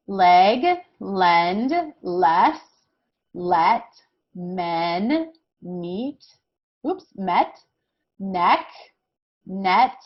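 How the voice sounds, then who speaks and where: A woman teaching a kindergarten lesson, slow and encouraging, often checking in with "okay?". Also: on the low side, lively intonation, highs cut off. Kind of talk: recorded classroom lesson for young children.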